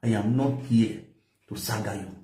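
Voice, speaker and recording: A man's voice: on the low side, normal speed, dark tone, reverberant. A man with a Nigerian accent, lecturing and scolding in a commentary, mixing pidgin with a local language. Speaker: social media commentator.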